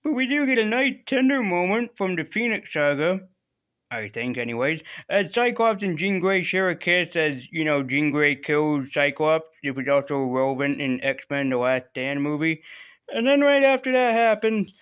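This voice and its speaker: A man's voice: on the high side, animated, moderate pace, fairly bright tone, clean tone. Rambling, sarcastic man reviewing comics. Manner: rambling, sarcastic, swears freely. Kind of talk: casual video review.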